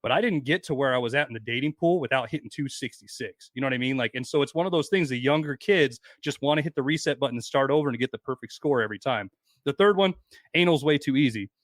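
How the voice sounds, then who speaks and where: Podcast guest, man in his forties, rapid profane storyteller, dry recording. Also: medium pitch, dry recording. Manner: profane, rambling anecdotes with quoted voices.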